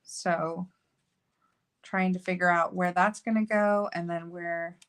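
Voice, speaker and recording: A woman's voice: lowish voice, steady tone, takes it slowly. A woman hosting a card-making video, chatting casually and thinking aloud as she works. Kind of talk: casual crafting tutorial chat.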